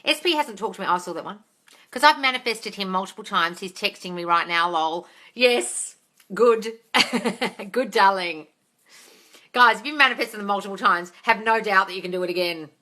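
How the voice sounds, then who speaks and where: Bright-toned, frank woman hosting a live chat. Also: mid-range voice, normal speed. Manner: frank and swearing, reads out comments, calls listeners darling. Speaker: host of a manifesting Q&A live stream. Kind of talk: casual live-stream chat answering viewer comments.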